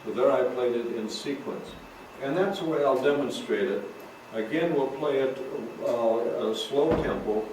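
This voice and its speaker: A man's voice: mid-range voice, normal speed. A man teaching drum rudiments, explaining patterns and calling out stickings between demonstrations in a drum room. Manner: calls out stickings while playing. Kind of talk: recorded drum lesson, talking between demonstrations. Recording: roomy echo, far from mic, noisy.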